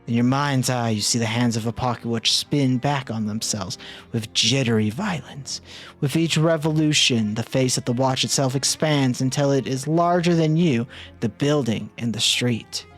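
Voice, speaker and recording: A man's voice: medium pitch, normal speed, faint music behind. A man streaming a game, reading its story text aloud as narration.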